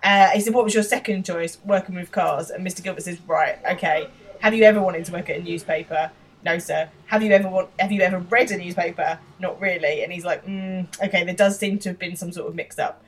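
A woman's voice: on the low side, fairly even intonation, brisk, recorded from a distance, slight background noise, poor audio. A woman co-hosting a podcast, chatting casually through an episode recap and laughing often as she retells scenes. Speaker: podcast co-host.

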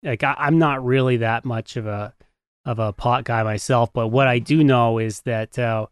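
A man's voice: mid-range voice, fairly even intonation, normal speed, a little hiss or hum. A man hosting a casual interview over a remote call, talking loosely with lots of fillers and jokes. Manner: loose, filler-heavy, jokey. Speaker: podcast host.

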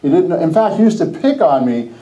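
A middle-aged man from New Jersey tells personal stories on a Christian podcast in a rather high, soft, mellow voice. He laughs often and acts out what people said, keeping the talk lively and casual. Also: brisk, muffled recording, a little hiss or hum. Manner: animated, laughing, acts out quoted dialogue. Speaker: podcast host.

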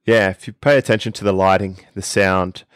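Australian man, lowish voice, podcast guest, enthusiastic, dry close sound. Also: fairly even intonation, a little fast, clear, resonant tone, no echo. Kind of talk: casual podcast conversation.

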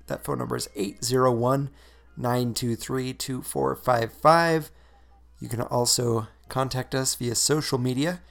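A man's voice: mid-range voice, gravelly. A man co-hosting a casual podcast, chatty and laughing often. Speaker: podcast co-host. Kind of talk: casual chat.

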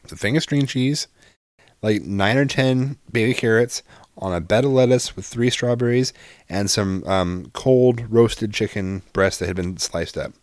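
A man's voice: on the low side, a little slow, dry recording, clean studio sound. A man in his thirties telling a story in casual chat, exasperated and profane, rambling with lots of fillers.

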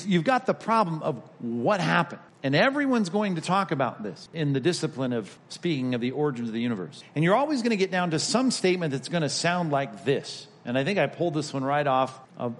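A middle-aged man teaching an apologetics class in a conversational, emphatic way, often repeating and restarting words. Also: fairly high pitch. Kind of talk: conversational lecture. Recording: long reverb of a hall.

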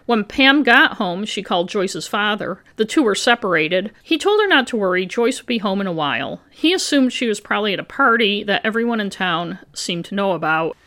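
A woman's voice: mid-range voice, expressive, fairly quick, hardly any pauses, pushed and bright. A woman hosting a podcast, reading her own true-crime script with casual asides to her co-host. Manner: reads a researched script with asides.

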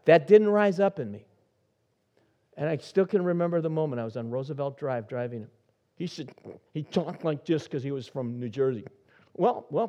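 A middle-aged man preaching a sermon as senior pastor, telling stories with soft asides that build to emphatic points. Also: medium pitch, highs cut off. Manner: storytelling, shifting from soft asides to rising emphasis.

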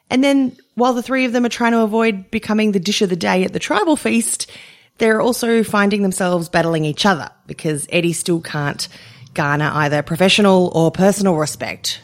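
A playful woman hosts a podcast in a chatty, joking way. Her voice sits fairly low for a woman, and she is quick to laugh along with her guest. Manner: chatty and playful, jokey introductions. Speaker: podcast host. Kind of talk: casual chat.

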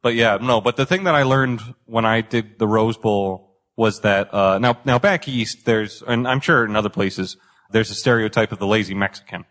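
A young man from the Boston area, with a lowish, a bit bright voice, chats at a moderate pace as a podcast guest. He rambles, runs himself down, and swears freely.

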